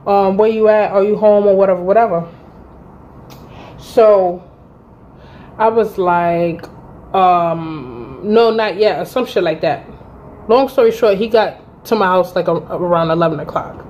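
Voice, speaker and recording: A woman's voice: medium pitch, unhurried, long pauses. Thirties woman vlogging a storytime, cussing and acting out what everybody said, bit of hiss. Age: 30s. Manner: animated, profane storytelling with acted-out quotes. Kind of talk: storytime vlog.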